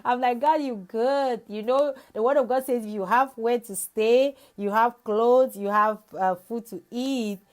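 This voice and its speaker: A woman's voice: on the high side, measured pace, hardly any pauses. A young adult woman evangelist giving a devotional sermon, reading scripture and sharing an earnest personal testimony with many restarts.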